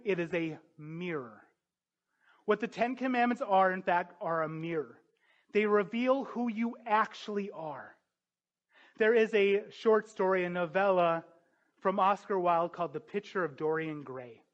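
High-pitched guy preaching, earnest and emphatic, kinda dull lo-fi sound. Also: moderate pace. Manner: earnest, emphatic, rising to forceful peaks. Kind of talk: sermon.

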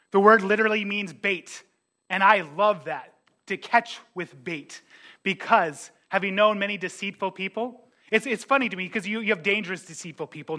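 Bright, animated man preaching a sermon. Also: high-pitched. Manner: animated, joking asides, mimics congregants. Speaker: pastor.

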